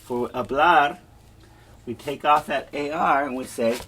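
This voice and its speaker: A man teaching a Spanish class, slowly repeating verb forms for students to echo. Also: medium pitch, fairly bright tone, a little hiss or hum. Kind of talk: classroom lesson with drills.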